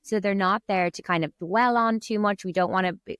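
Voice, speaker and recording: A woman's voice: mid-range voice, fairly even intonation, brisk, fairly bright tone, smooth, no room sound, studio quality. A young adult woman, a speech therapist guest on a podcast, explaining in a chatty, reassuring way with lots of "you know" fillers.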